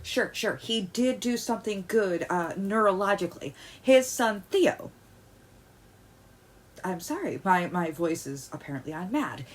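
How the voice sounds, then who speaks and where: A woman's voice: on the low side, normal speed, hardly any pauses. Heated ranting woman vlogger. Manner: animated and heated, stammering restarts, swings from loud outbursts to quiet muttering. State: agitated. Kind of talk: ranting commentary.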